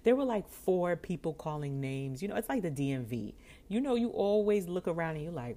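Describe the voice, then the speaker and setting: Speaking a little fast in a fairly low voice, a woman vlogger animatedly recounts something from her own life. She imitates the voices of the people involved and laughs a lot along the way.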